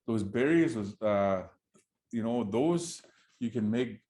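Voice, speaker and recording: A man's voice: lowish voice, lively intonation, takes it slowly, dark tone. A male storyteller telling a traditional tale in a loose, chatty way. He laughs often and keeps checking in with his listeners with "right?" and "you know?". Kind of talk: oral storytelling to an audience.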